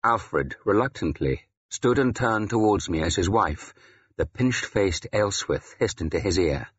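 A man narrating a historical novel in first person, with dramatic, expressive delivery. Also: low voice, unhurried, slightly rough, no room sound, highs cut off. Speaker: audiobook narrator.

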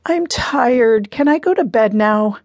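A woman's voice: on the high side, expressive, takes it slowly, darkish tone, no echo, pitched above the performer's own voice. A woman narrator voicing a defensive, upset teenage daughter in an audiobook, pleading her case. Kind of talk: audiobook character reading.

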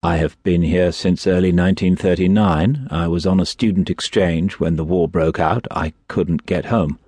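A man's voice: sits low, fairly even intonation, moderate pace, dark tone, husky, no echo. A male narrator voicing a young male prisoner who answers politely and cautiously. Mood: guarded.

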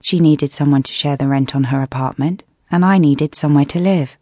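British woman, audiobook narrator, mellow tone, wry expressive read, dry close studio mic. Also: sits low, fairly quick, husky, dry recording. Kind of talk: scripted first-person audiobook narration.

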